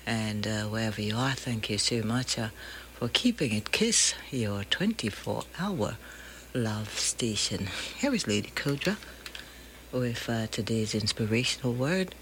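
A man's voice: on the low side, measured pace, a little hiss or hum. A man hosting a radio show, chatting casually with many fillers. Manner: relaxed, filler-heavy. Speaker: radio host.

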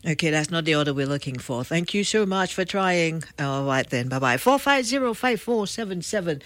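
Teasing radio host. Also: female voice, sits low, expressive, no room sound. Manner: brisk and teasing, repeats the phone number. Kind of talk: call-in quiz show. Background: music.

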